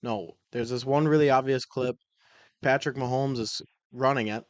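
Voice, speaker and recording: Sweary podcast dude chatting football, normal voice, dead dry mic. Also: male voice, mid-range voice, moderate pace, no room sound. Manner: profane, animated when ranting. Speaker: podcast co-host. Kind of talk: casual chat. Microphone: own microphone.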